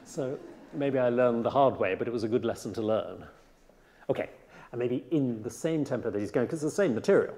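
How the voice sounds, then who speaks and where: A man teaching a cello master class, coaching a student with lively, detail-fussy remarks. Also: mid-range voice, brisk. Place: concert hall. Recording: reverberant hall with music.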